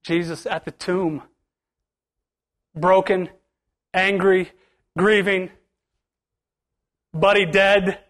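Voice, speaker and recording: A man's voice: sits high, fairly even intonation, extremely slow, long pauses, fairly bright tone. A male pastor preaching a sermon to his church, building to emphatic bursts with much repetition.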